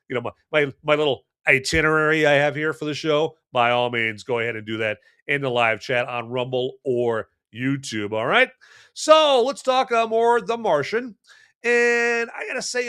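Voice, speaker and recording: A bright, slightly high male voice talks straight to his viewers while hosting a casual movie review podcast. He is animated and playful, with pitch and volume that swing from loud bursts to hushed asides. He is full of fillers and restarts. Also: smooth.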